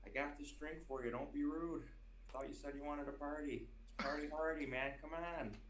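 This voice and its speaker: A man's voice: a little high, steady tone, moderate pace, reverberant, a little hiss or hum, voice pushed up, lightly acted, low-quality recording. A man putting on a creepy, coaxing killer. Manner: soft, wheedling, pushy. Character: creepy coaxing adult male killer luring a guest. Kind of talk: impression in a live podcast.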